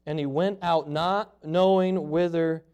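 A man preaching a sermon, swinging from loud emphatic lines to hushed ones and slowing down to stress key words. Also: a little high, fairly even intonation, smooth.

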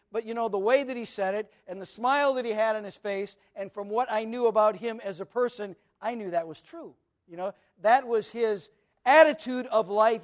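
A middle-aged man, a pastor, giving an earnest, conversational sermon that mixes personal stories with teaching. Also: very high-pitched.

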